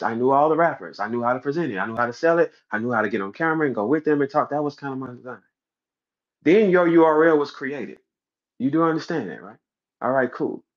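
A brash, swaggering man holds forth in an unscripted livestream rant, boastful and heavy with profanity. His voice sits at an ordinary middle pitch. The audio is a little dull and lo-fi. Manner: boastful, brash, profane and heated, voice jumping high when he acts out scenes. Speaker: battle rap league owner.

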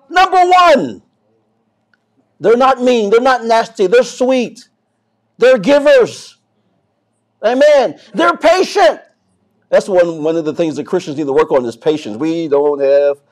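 A pastor preaches a sermon in a voice that sits high, swinging from soft to loud and often repeating and restarting words.

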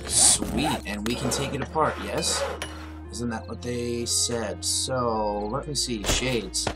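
A man casually commentating on a survival game as he plays, excitable and talking back to the enemies on screen. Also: mid-range voice, slow pace. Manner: excitable, talks to the game's enemies. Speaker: gameplay commentator. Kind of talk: casual let's-play commentary. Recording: loud game music under the voice.

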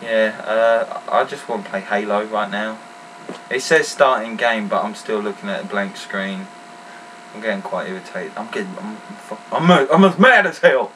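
A young man hosting casual let's-play commentary, joking and swearing in loud outbursts while he games. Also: lowish voice, fairly even intonation, moderate pace. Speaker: gaming channel host. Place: room at home, recording while gaming. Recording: distant mic with faint noise.

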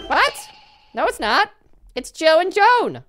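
A woman's voice: extremely high pitch, very animated, slow, a bit bright, faint music behind, exaggerated voice. A woman voicing a gushing, fluttery neighbor. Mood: sweet. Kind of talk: comedy game role-play.

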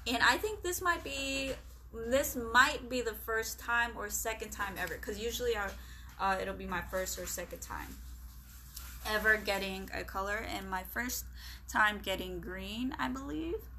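Bright-voiced flirty woman on a livestream. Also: mid-range voice, unhurried, a little hiss or hum. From Philippines. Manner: flirty and teasing, often dropping to a hushed voice. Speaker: livestream host. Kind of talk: casual live-stream chat, reading comments aloud.

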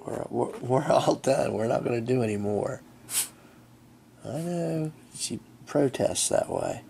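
A man's voice: medium pitch, animated, slow pace, creaky, warm tone, a little hiss or hum. A man chatting casually outdoors, narrating a game of fetch and fondly coaxing his dog. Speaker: channel host. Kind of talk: casual vlog commentary while playing fetch.

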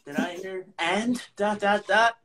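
Teasing man with a higher voice. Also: unhurried, a crowd in the background. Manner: teasing, acts out anecdotes with hesitant restarts. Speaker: podcast co-host. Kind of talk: casual chat.

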